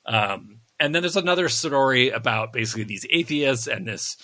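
A man's voice: mid-range voice, lively intonation, moderate pace, pushed and bright, dry recording. A man co-hosting a casual review podcast, rambling with lots of ums and self-deprecating asides. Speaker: podcast co-host.

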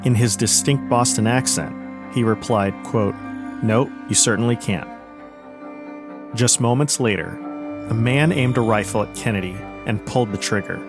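A man reading scripted historical narration in a measured, even way. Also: medium pitch, music in the background. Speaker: podcast narrator.

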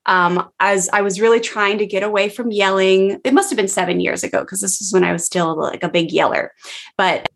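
A woman's voice: medium pitch, moderate pace, creaky, a bit bright. A woman in her forties, a mother chatting casually and telling a story with plenty of filler words.

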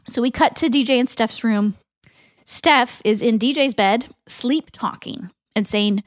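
A woman's voice: a little high, slow pace, no echo, studio quality. A woman co-hosting a podcast, retelling a TV episode scene by scene and reading the characters' lines aloud with chatty asides. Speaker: podcast co-host. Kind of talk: episode recap narration.

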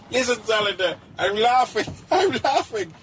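A pompous, lively-voiced lord. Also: male voice, a little high, slight background noise. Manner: haughty, bursts into giggles. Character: pompous, humorless aristocratic male lord. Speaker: lead character. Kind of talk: comedic audio drama acting.

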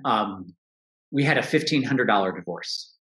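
A man's voice: lowish voice, animated, moderate pace, sharp tone. A middle-aged man, a coach, talking earnestly and reflectively in an interview, often restarting his sentences. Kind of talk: interview conversation. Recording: roomy echo.

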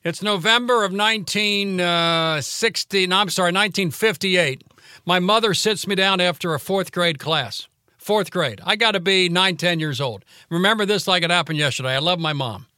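High bright-voiced older man, aggressive cadence. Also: moderate pace, clear, resonant tone, dry recording, clean studio sound. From Cincinnati, Ohio. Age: 70s. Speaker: radio host and lawyer guest. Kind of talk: storytelling in a casual interview.

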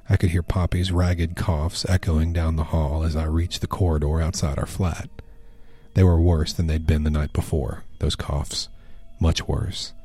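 A man narrating a first-person horror story in a hushed, measured way. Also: very deep voice, slightly rough, no room sound.

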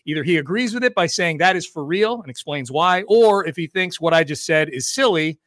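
A man's voice: fairly high pitch, dry recording, clean studio sound. Upbeat man hosting a sports podcast. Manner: energetic, quick, chatty. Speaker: podcast host.

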